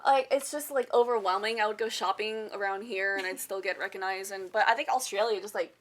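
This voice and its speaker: A woman's voice: medium pitch, fairly even intonation, fairly quick. A young woman chatting on a live cast panel, bubbly and gushing, laughing often. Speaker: cast member. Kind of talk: casual panel chat.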